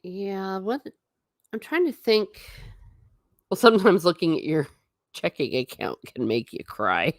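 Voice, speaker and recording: A woman's voice: on the low side, animated, measured pace, long pauses, no echo, clean studio sound. A woman hosting a casual livestream, chatting in a rambling way, reading viewer comments aloud and laughing often. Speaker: livestream host reading chat.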